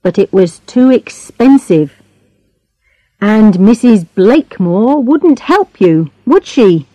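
A woman voicing a calm, deliberate male police inspector who questions suspects in an audiobook reading. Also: mid-range voice, dry recording, voice pushed up, low-quality recording.

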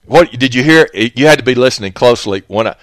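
Male radio host, folksy rambling talk, chuckles often, lively swooping pitch, dry close studio sound. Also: quick pace, dry recording.

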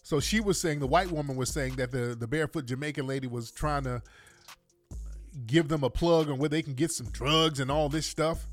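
A man's voice: on the high side, moderate pace, faint music behind. A man hosting a podcast, commenting on a played clip in an indignant, mocking way with repeated rhetorical questions. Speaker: podcast host.

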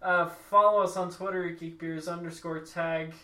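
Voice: medium pitch, fairly even intonation, normal speed, pushed and bright, distant mic. A podcast host in casual chat, laughing often and joking loosely before closing out the episode. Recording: echoey room, set back from the mic.

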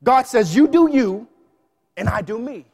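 A man preaching a sermon in a lively, playful way, with quick asides and bits of song. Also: very high voice, creaky, breathy edge, in a large hall. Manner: animated preaching with playful asides and sung snippets.

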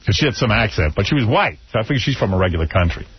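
A male radio show host telling a long, wry story in a casual, animated way, acting out what he said to people. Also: on the low side. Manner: animated, wry, drawn-out anecdote with acted-out quotes. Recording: dull lo-fi radio broadcast.

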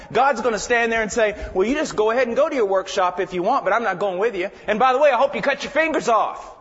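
A man preaches with a voice pitched higher than most men. His delivery moves between hushed, whispered intimacy and loud, urgent exhortation. The lo-fi recording rings with the long reverb of a large hall. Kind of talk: sermon.

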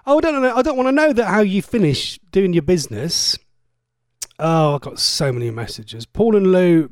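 Cheeky, chatty radio presenter. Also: male voice, high voice, animated, normal speed, no room sound, clean studio sound. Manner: chatty, cheeky and rambling, with frequent stammered restarts. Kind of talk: casual radio chat reading listener messages. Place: radio studio.

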